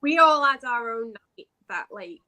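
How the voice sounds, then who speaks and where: A woman guest telling stories in a casual chat, self-deprecating and animated. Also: a little high, normal speed. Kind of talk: casual storytelling.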